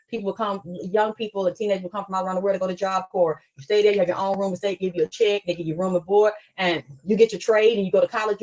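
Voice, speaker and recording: A woman's voice: mid-range voice, a little mellow, low-quality recording. A woman telling a story in an angry, profane live stream rant.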